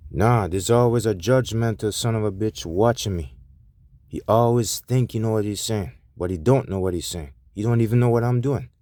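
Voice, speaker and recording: A man's voice: lowish voice, moderate pace, mellow, no echo. A truck driver, a man, ranting heatedly to his viewers with a profane, defensive edge, often restarting his sentences.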